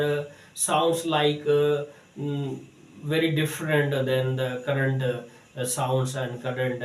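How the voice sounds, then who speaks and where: A man teaching an English lesson to students, speaking haltingly with many fillers. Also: on the high side. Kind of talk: recorded English lecture. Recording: echoey room, distant mic.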